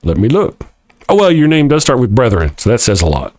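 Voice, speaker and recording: A man's voice: medium pitch, huge pitch swings, brisk, a little mellow, no room sound, studio quality. A middle-aged man hosting a casual live talk show, reading viewer comments in a mocking, irreverent way and laughing often. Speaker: host of a live atheist morning show.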